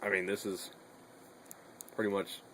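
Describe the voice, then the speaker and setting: A man's voice: low voice, flat delivery, measured pace, bright, forceful tone, slight background noise, low-quality recording. A young man chatting casually in a bedroom vlog, rambling and swearing a lot between fillers. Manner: rambling and profane, with many fillers.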